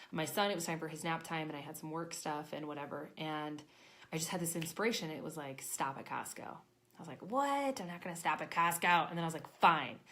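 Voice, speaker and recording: A woman in her thirties, an intuition coach, telling a personal story in a chatty, animated way and acting out her own thoughts. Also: deep voice. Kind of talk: casual storytelling to camera.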